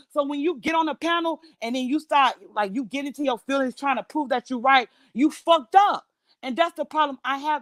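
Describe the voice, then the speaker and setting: A woman's voice: high voice, no room sound. A woman ranting as a panel guest, angry, profane and confrontational. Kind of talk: heated panel rant.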